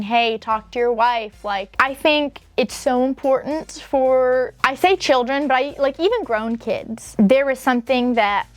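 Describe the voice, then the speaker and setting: A young woman hosting a storytime channel, reacting sarcastically to submissions and reading them aloud in a casual, emphatic way. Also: high voice. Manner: emphatic and sarcastic, with drawn-out pauses. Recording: soft background music.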